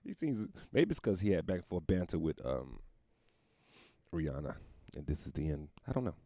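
A man's voice: very deep voice, big pitch swings, moderate pace, gravelly, mellow, no room sound, clean studio sound. A man going on a rambling, profane comedic rant, often laughing at his own jokes.

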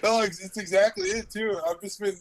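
A man's voice: high-pitched, fairly even intonation, brisk, low-quality recording. A man chatting casually as a guest calling in, laid-back and laughing often. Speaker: guest on call. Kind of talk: casual chat. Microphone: phone call.

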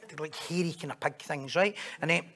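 A Scottish man preaches a sermon in a high, gravelly voice. He tells stories, jokes along the way and acts out the people he quotes. It is a lively sermon to a congregation. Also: a little fast.

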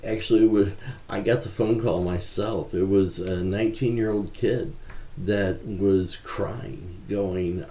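Deep-voiced man in a roomy echo. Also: steady tone, mellow. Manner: earnest, measured, with frequent fillers. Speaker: ministry founder, guest. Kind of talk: conversational interview answers.

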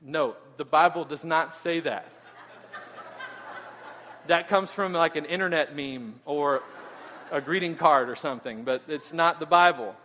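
A man preaching a sermon in an animated way, often asking "right?" and repeating words as he goes. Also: a little high, measured pace, long pauses, a little hiss or hum. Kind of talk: expository sermon. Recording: long hall reverb.

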